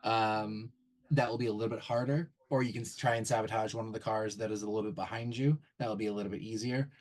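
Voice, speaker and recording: A man narrating as game master of a tabletop game, halting often with ums and restarts. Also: on the low side, fairly even intonation, a little mellow, rough recording.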